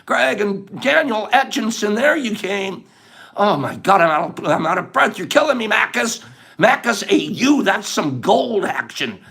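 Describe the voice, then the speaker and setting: Middle-aged guy on a livestream, high voice with lots of fry, reels off names fast and warm. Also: lively intonation. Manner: rapid shout-outs to viewers, warm and effusive. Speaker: livestream host. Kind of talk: casual livestream sign-off.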